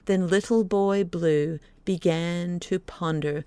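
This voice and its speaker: A woman narrating an audiobook, reciting a children's story poem in a slow, lilting way. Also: fairly low pitch, fairly even intonation, warm tone, smooth, no echo.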